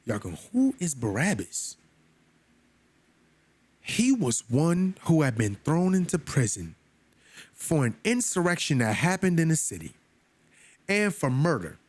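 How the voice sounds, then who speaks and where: A man's voice: wildly swooping pitch, unhurried, pauses often, no room sound. A man leading a Bible study, reading scripture and commenting on it in an emphatic, preacherly way, with casual asides to his listeners. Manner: emphatic, preacherly, pitch climbing on stressed words.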